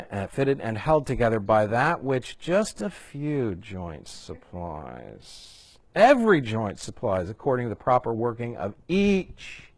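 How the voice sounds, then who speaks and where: A man's voice: medium pitch, dry recording. Guy teaching home group leaders, chatty, reads bible verses out with punch, dead dry room. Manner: conversational, reads scripture aloud with rising emphasis, jokey asides.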